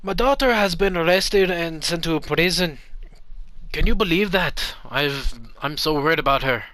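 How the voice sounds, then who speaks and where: Fretful anxious mother, pleading tone, raised bright voice, man doing it. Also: on the high side, lively intonation, normal speed, no room sound, voice pushed up. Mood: worried. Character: anxious mother of an arrested daughter.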